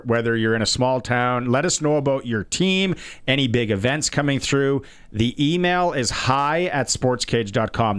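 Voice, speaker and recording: A Canadian man hosts a sports radio show from the studio, his voice sitting in an ordinary middle pitch. He chats loosely and moves briskly through sponsor reads and listener notes. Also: clear, resonant tone. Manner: chatty, reads plugs and sponsor lines. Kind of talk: casual sports radio talk.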